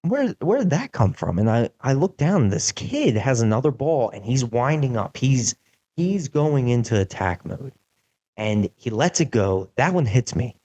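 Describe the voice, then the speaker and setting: A young man hosting a podcast, telling a casual story in an animated way, with lots of "like" fillers. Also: medium pitch, a little slow, highs cut off. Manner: animated, acts out quotes, many "like" fillers. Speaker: podcast host.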